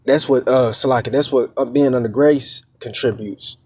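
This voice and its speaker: A man preaching informal scripture teaching in a conversational way, often asking "all right?" and saying "man." His speech halts on fillers and restarts, while he reads verses slowly and deliberately. His voice is mid-range and darkish with a breathy edge.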